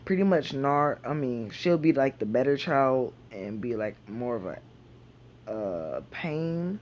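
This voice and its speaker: A man retells a fan fiction idea in a loose, rambling way, full of fillers and restarts, at an unhurried pace. The recording is muffled and lo-fi, with a faint hiss of ambience behind him. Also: medium pitch, animated. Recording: dull lo-fi home recording.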